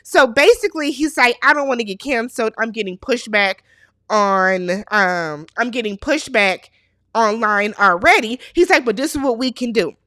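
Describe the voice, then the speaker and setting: Chatty, opinionated female recap host; slightly high, dry close-mic delivery. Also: normal speed, no echo. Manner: chatty, opinionated, animated quoting of characters. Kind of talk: casual TV recap chat.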